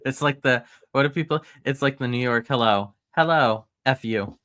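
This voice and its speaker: A man's voice: medium pitch, steady tone, normal speed, a bit bright, dry recording, clean studio sound. A man from Maryland, a podcast guest, talking casually in a hesitant way and laughing often. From United States, grew up in Maryland. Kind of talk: casual chat.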